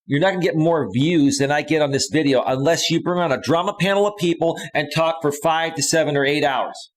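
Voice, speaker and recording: A man's voice: a little high, fairly quick. A man in his thirties hosting a live stream as a coach, ranting in a heated, combative way and repeating his phrases, close to a studio microphone. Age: 30s. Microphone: close studio microphone with a limiter.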